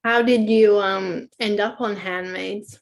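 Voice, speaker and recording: A woman's voice: medium pitch, steady tone, takes it slowly. Australian woman co-host asking questions. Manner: friendly, curious, asks short questions. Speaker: podcast co-host. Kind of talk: casual interview chat.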